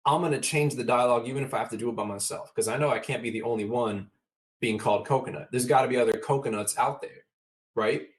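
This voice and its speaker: A man from Southern California speaks as a guest on a podcast. His voice sits in a middle pitch. He tells his stories earnestly and often slips into acted-out dialogue from his past. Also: quick pace. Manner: earnest storyteller who acts out remembered exchanges. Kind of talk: candid podcast conversation.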